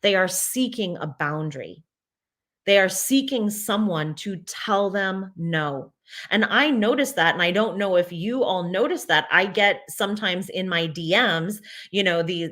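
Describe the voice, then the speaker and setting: Woman speaker, bright forceful tone, loose rambling delivery with firm emphatic points. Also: mid-range voice. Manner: rambling, many restarts and fillers. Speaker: speaker addressing an audience. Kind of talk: casual spoken talk.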